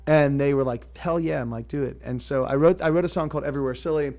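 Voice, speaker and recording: Between songs on his live stream, a man talks in a relaxed, halting way, stumbling through fillers and restarts. He's a fast talker with a mid-range, slightly mellow voice.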